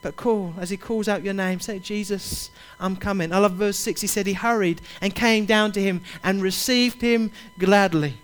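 A man's voice: sits high, steady tone, normal speed, hardly any pauses. A man preaching a sermon, urging his listeners directly and repeating his key phrases with passion. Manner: impassioned, repetitive, urges listeners directly.

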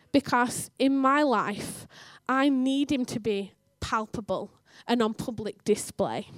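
A woman giving a sermon in church, telling a story and acting out the dialogue with lively energy. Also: a little high, no room sound, clean studio sound. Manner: animated storytelling, acts out dialogue. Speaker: church speaker.

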